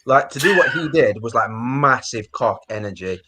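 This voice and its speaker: A man's voice: medium pitch, lively intonation, normal speed, a crowd in the background. A man judging rap battles, blunt and crude, stumbling over his words. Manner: blunt, crude, stammering restarts. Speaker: panel judge. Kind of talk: casual panel chat.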